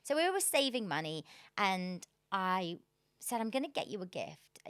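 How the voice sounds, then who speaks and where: A woman, a podcast guest telling her story in a casual, animated way and laughing often. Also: medium pitch, moderate pace, smooth, no room sound.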